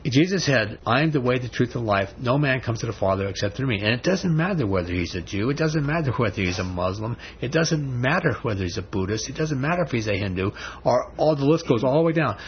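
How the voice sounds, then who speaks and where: A man's voice: mid-range voice, expressive, fast talker, highs cut off, a little hiss or hum. A man preaching a sermon with emphatic delivery, asking rhetorical questions and pressing his points with rising emphasis.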